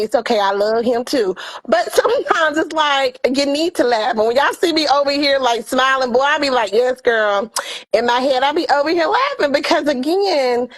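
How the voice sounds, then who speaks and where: Expressive woman giving heartfelt advice. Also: high voice. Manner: expressive, animated storytelling with quoted dialogue. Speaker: co-host. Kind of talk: casual heartfelt advice chat.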